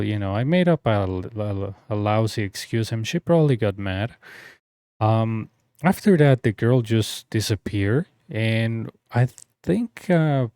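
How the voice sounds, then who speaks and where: A man's voice: lowish voice, animated, a little slow, mellow, clear, resonant tone, no room sound, clean studio sound. A young man telling a personal story in a casual, rambling way, full of fillers and restarts. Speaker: story reader.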